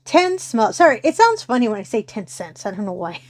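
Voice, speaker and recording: A woman with a slightly high voice chats casually to her channel's viewers from home. She talks in a bubbly, rambling way, giggling and apologizing often. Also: very animated, moderate pace, a little mellow. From Texas. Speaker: crafting channel host.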